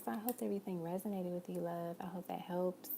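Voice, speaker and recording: A young woman reads tarot on a live stream in a low, gravelly voice with a mellow, dark tone. She chats casually and affectionately, calling the viewer girl and love, over a faint hum in the background. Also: fairly even intonation, fast. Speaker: tarot reader.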